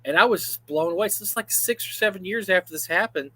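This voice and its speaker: Co-host, man in his 50s, fairly high voice, animated storyteller, casual stream chat. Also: fast. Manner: animated storyteller, full of asides. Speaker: livestream co-host.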